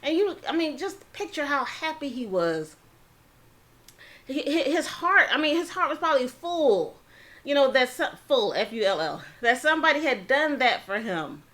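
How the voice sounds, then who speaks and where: Speaking in a high, sing-song, fairly bright voice, this channel host narrates a history story over a casual eating show. She chats along, voices each person's lines, and pauses to spell out certain words.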